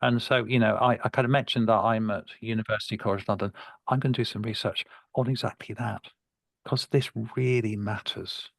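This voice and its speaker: A man's voice: lowish voice, steady tone, brisk, creaky, dry recording. A man working as a speech therapist and researcher, talking earnestly on a video call and often restarting words. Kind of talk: webinar discussion.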